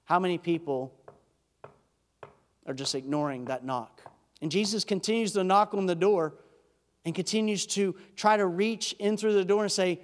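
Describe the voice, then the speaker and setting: A man, a pastor, giving an earnest, emphatic sermon that swings from loud peaks to hushed, intimate drops. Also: sits high, moderate pace. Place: church sanctuary. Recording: church hall reverb.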